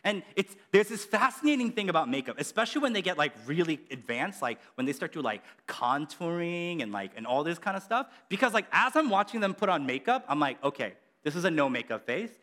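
A man preaching a casual sermon, chatty and animated, acting out quotes with lots of fillers. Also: high-pitched, brisk, hardly any pauses.

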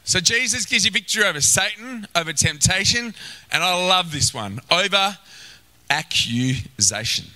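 Male pastor, sermon delivery, higher voice, very bright and forceful. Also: normal speed, poor audio. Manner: animated, acts out inner voices, exclaims.

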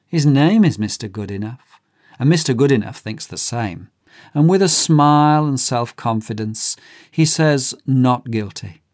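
A man's voice: mid-range voice, animated, normal speed, a little mellow. A man preaching a sermon, earnest and emphatic, telling a courtroom story to his listener. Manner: earnest, emphatic, acts out characters' voices.

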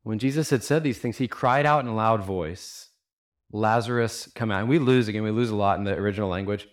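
Male pastor, lower register, earnest conversational sermon delivery, rhetorical questions, casual fillers. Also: fast talker.

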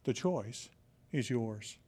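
A man voicing a calm, kindly old male hermit sage, speaking softly and slightly lower than his own voice. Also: takes it slowly, husky. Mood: calm, gentle.

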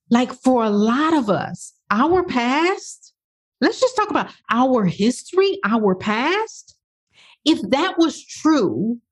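A woman in her sixties hosting her own podcast as a life coach, speaking bluntly and with passion. Her pitch swings widely and her delivery is unhurried. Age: 60s. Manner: passionate, blunt, swears for emphasis. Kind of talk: podcast monologue.

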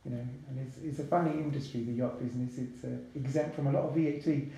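Man, gravelly, mellow tone, chatty podcast guest. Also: mid-range voice, fast talker, slight background noise. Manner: relaxed, chatty, many asides. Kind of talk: casual interview talk. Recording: very echoey room.

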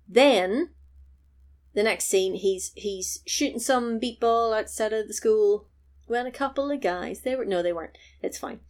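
A woman co-hosting a casual podcast animatedly recaps a film's plot, swearing freely and dropping into character voices. Her voice is fairly high, a little mellow, and measured in pace.

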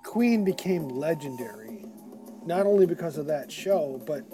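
A man's voice: on the high side, expressive, moderate pace, warm tone. A man hosting a casual chat about rock music, enthusiastic and agreeable. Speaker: host.

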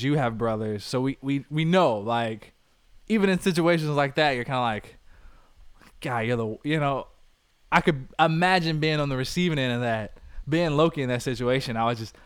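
A man chats casually on a film review podcast, breaking into laughter and playing out scenes as he recounts them. His voice is smooth and resonant at a middle pitch. The sound is dry and close to the mic. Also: normal speed, dry recording. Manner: animated, laughs often, acts out lines. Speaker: podcast co-host. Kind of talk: casual movie review chat.

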